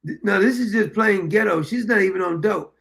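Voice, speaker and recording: A man hosts a commentary show, reacting bluntly and mockingly to clips. His voice sits high and is heavily gravelly, with a lot of fry. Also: brisk, a bit bright.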